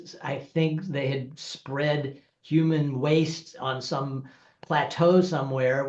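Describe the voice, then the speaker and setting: A screenwriter recounting studio anecdotes, lively and acting out the people he quotes, laughing as he goes. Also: medium pitch. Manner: animated, acts out quoted voices, laughs through stories. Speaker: screenwriter guest. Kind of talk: anecdotal storytelling. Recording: roomy, dull lo-fi sound.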